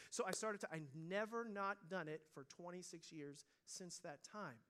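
High, bright-voiced male pastor preaching. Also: normal speed, hardly any pauses. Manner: conversational storytelling, swings from hushed to loud. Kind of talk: sermon.

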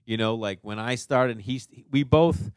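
A man with a Boston accent, a stand-up comic chatting casually as a podcast guest, animated and swearing freely. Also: mid-range voice, moderate pace, dry recording. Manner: animated storyteller, swears, lots of "you know what I mean".

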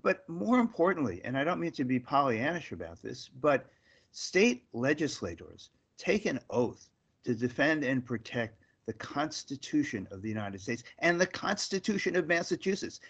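Emphatic male host, dull lo-fi sound. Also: medium pitch. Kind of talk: interview hosting, political commentary.

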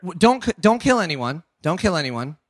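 A man hosting a radio call-in quiz, excitable and playfully teasing, cheering his caller on. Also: sits high, normal speed, no room sound, studio quality. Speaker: radio show host.

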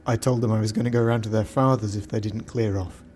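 A man's voice: lowish voice, steady tone, quick pace, a little mellow, a little hiss or hum, natural voice. A man playing a young, elegant male journalist who talks in a friendly, reassuring way.

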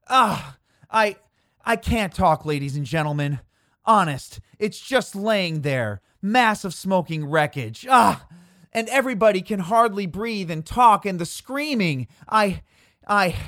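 A narrator, pitching the voice well up, plays a panicked 1930s male radio reporter watching a disaster unfold. The words come out in breathless, broken bursts, loud and climbing high. The sound is close and dry, with no room echo. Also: huge pitch swings, slow, hardly any pauses. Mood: distraught. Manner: sobbing, breathless, broken-off exclamations. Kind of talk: reenacted archival radio report.

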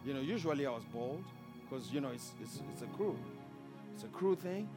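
A man preaching a sermon as pastor, calling for amens and swinging between loud exhortation and quiet storytelling. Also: medium pitch, expressive, brisk, over music. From Zimbabwe. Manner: preaching with rising calls for amen and audience response.

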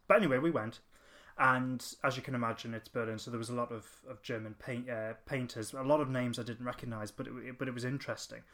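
A man chatting on a podcast at an ordinary middle pitch. He rambles through a story, circling back with ums and restarts. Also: fairly even intonation, fast talker, fairly bright tone. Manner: rambling anecdote with fillers and restarts. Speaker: podcast co-host. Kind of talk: casual chat.

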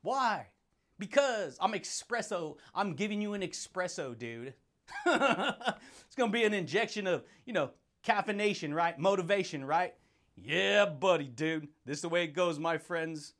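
Man, high voice, hyped motivational podcast host, playful, laughs a lot. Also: animated, unhurried, a bit bright. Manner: hyped, playful, laughs often, calls listeners buddy and dude.

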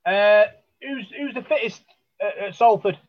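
Male interviewer, high voice, quick upbeat prompts, dull audio. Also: no echo. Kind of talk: casual interview questions.

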